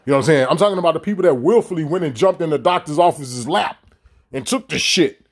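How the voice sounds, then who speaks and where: Heated, profane man ranting, higher-pitched voice. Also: lively intonation, fast. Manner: heated, profane and mocking, with repeated rhetorical questions. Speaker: vlogger ranting to his audience. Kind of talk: profane monologue straight to camera.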